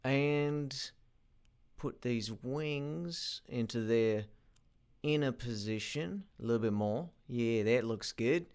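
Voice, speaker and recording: Halting, rambling man talking while he works. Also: medium pitch, darkish tone, clean tone. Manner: halting, rambling, frequent restarts and fillers; thinking aloud while working. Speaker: independent animation creator. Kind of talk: casual work vlog while animating.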